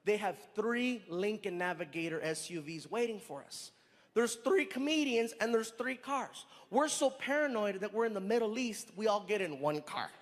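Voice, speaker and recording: A male stand-up comedian with a notably high speaking voice tells an animated story live on stage. His stage mic catches the long reverb of the venue. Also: normal speed. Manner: animated storytelling with acted-out dialogue.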